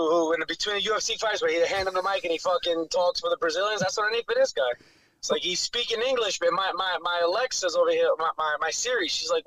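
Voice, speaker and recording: A man's voice: high-pitched, pushed and bright, no room sound, poor audio. A man from New York City with a strong New York accent, a fighter talking brashly and profanely as a guest on a podcast. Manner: brash, profane trash talk. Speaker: bare knuckle fighter, guest. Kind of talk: casual podcast interview.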